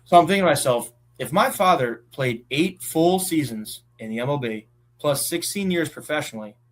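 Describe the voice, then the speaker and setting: A young man around twenty from southeastern Pennsylvania, a college ballplayer telling stories in a relaxed chat, full of fillers. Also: on the high side, normal speed. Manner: relaxed storytelling with many fillers. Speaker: college baseball player, guest. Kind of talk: casual chat.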